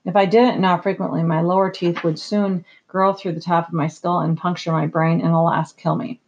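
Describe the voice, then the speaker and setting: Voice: mid-range voice, level tone, normal speed, dull audio, lightly acted. A reader voicing Ripred, a sardonic giant rat. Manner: dry, formal, mocking. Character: cunning scarred male giant rat, sardonic.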